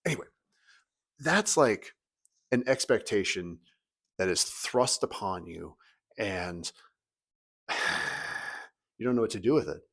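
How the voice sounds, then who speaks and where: Low-voiced pastor telling funny stories. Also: male voice, animated, slow pace, pauses often, fairly bright tone. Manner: conversational, humorous storytelling with big pitch swings. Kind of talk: weekly church video message.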